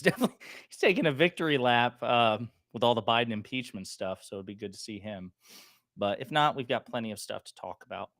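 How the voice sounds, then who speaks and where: A man hosting a political commentary livestream, chatting casually and reading viewer comments, with a lingering cough that makes him clear his throat. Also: on the low side, a bit bright, dry recording, clean studio sound. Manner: loose, chatty and joking.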